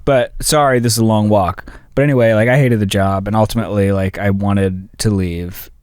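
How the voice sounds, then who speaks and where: A man's voice: lowish voice, fairly even intonation, brisk, a little mellow, clean tone, dry recording, clean studio sound. A young man co-hosting a comedy podcast, telling stories in a rambling, stop-start way. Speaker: podcast co-host. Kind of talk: casual comedic chat.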